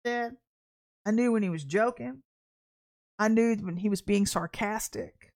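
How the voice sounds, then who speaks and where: Animated woman preaching a casual sermon. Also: mid-range voice, a little slow. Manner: animated storytelling with laughter and acted quotes. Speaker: podcast preacher.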